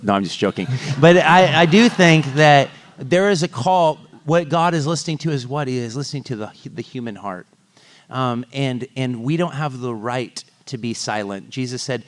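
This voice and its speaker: A male pastor giving a sermon at a church service, at a mid-range pitch typical for a man. He speaks in a conversational, self-interrupting way, breaking up serious points with light jokes. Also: expressive, moderate pace. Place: church service before singing congregation.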